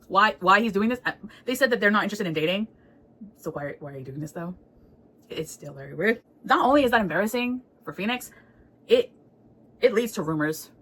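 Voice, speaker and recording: Woman book vlogger, relaxed, talkative, laughs a lot, mid-range voice, casual swearing. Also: mid-range voice, brisk, rough recording. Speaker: book reviewer.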